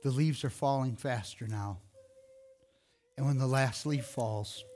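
A frail, dying young woman whose voice is weak and fading as a male storyteller voices her. Her lines trail off quietly at a middle pitch. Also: a little slow, lightly acted.

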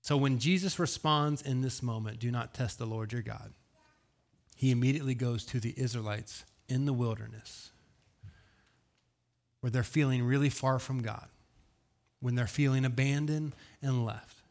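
A pastor delivers a sermon in an earnest, searching way. His pitch sits mid-range for a man, neither high nor low. He poses question after question, letting some words fall quiet and pushing others out with force. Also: moderate pace, long pauses. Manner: earnest, swings between hushed and raised delivery; asks rhetorical questions.

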